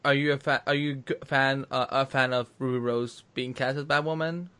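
A man's voice: mid-range voice, steady tone, normal speed, sharp tone, clean tone. A man hosting a casual podcast chat, talking in loose run-on sentences full of fillers and restarts. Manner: rambling, many restarts and fillers. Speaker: podcast host.

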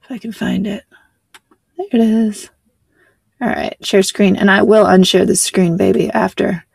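A woman's voice: medium pitch, steady tone, measured pace, creaky, a little mellow, slightly rough, no room sound. A woman hosting a podcast, chatting casually in a rambling, self-deprecating way. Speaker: podcast host. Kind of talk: casual chat.

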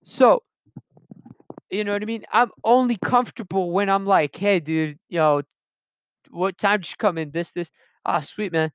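A young man talks in a high, smooth voice, rambling through his own stories and often breaking off mid-thought. The sound is dry and a little dull, like a cheap recording. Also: a little slow, pauses often, no echo. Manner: rambling, self-interrupting, slangy. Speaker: vlogger telling personal stories. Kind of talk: rambling casual monologue.

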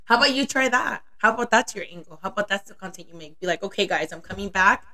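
A woman's voice: mid-range voice, lively intonation, fast, pushed and bright. A young woman co-hosting a podcast, chatting casually and telling candid stories with frequent laughter. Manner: candid storytelling, laughs often. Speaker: podcast co-host. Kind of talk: casual chat.

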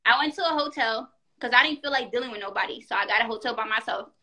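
A woman in casual chat, telling a story in an animated, profane way and acting out the quotes. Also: a little high, quick pace.

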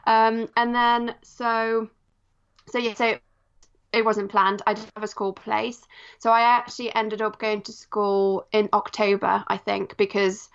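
A woman's voice: medium pitch, little pitch movement, a little slow, vocal fry, clear, resonant tone, muffled recording. A Polish-born woman who speaks with an English accent, a guest on a podcast interview, talking reflectively with many small fillers. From Poland. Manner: reflective, with frequent "kind of" and "um".

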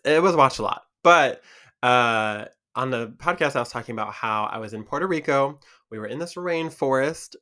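A man from Michigan with a Michigan accent, chatting casually to camera as a vlogger, animated and full of fillers. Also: medium pitch.

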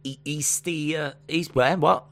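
A man co-hosting a casual chat show, playful and quick to laugh and slip into silly voices. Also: a little high, fairly even intonation, fairly bright tone. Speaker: co-host.

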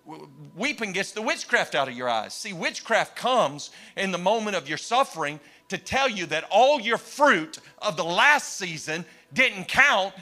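A man preaching a storytelling sermon, swinging from loud exclamations to hushed retelling and acting out the voices in his story. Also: high-pitched. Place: church.

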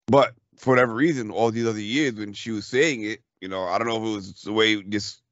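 Man, casual chat, candid storyteller, curses freely, very deep voice, dull lo-fi dry sound. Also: fast, few pauses, a bit bright, no room sound. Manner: candid storytelling, swears casually, acts out dialogue. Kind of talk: casual conversation.

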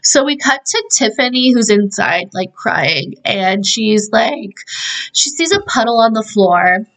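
A woman's voice: fairly high pitch, animated, unhurried, a bit bright, rough recording. A young woman hosting a podcast, recapping a film in a chatty way, full of fillers and laughing asides. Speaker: podcast host. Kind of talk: casual movie recap.

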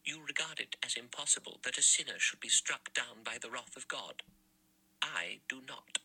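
A man's voice: medium pitch, animated, normal speed, bright, forceful tone, husky, pitched above the performer's own voice, heavily acted, low-quality recording. A man reading an audiobook, voicing a stern, pious elderly spinster who speaks hard and tight-lipped, dropping to a whisper. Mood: hushed righteous.

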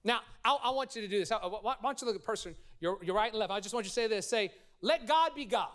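A middle-aged pastor delivers a sermon in a church. His voice sits high for a man, and he tells stories with energy, pulling the congregation into call-and-response. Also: fast. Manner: lively storytelling with audience call-and-response. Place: church sanctuary.

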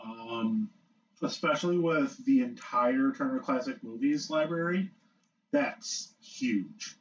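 A man's voice: mid-range voice, slow pace. A young man co-hosting a casual podcast chat, earnest and slightly defensive. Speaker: podcast co-host. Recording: distant, dull-sounding mic.

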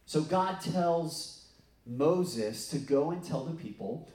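A man's voice: fairly high pitch, lively intonation, slow pace, a little mellow. A man preaching a sermon in a loose, conversational way, telling stories with fillers and restarts. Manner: conversational, storytelling with self-corrections and fillers. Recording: echoey room, mic at a distance.

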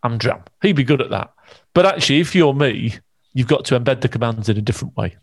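Bloke chatting business, middle pitch, dry mic, keeps agreeing. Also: male voice, expressive, fast talker, dry recording. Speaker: podcast co-host. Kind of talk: casual business chat.

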